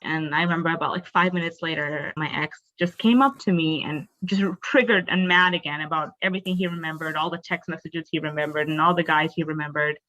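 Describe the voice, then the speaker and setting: Her voice sits low, bright and forceful, fairly quick with fairly even intonation and hardly any pauses, on lo-fi audio. She's a young woman raised in a Bengali family, sharing personal stories as a podcast guest in a candid, earnest way full of fillers like "like" and "you know."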